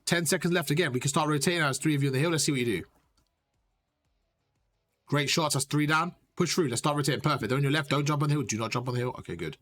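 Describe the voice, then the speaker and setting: A man coaching a player through gameplay footage, direct and animated, repeating his points and calling him bro. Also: on the high side, quick pace, faint music behind. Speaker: gaming coach.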